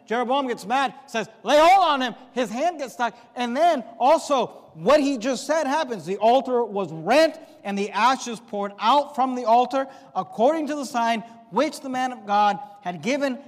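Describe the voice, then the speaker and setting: High-voiced preaching man, hall reverb. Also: expressive, moderate pace, hardly any pauses. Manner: emphatic preaching, swinging from loud to low. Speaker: pastor. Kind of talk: sermon.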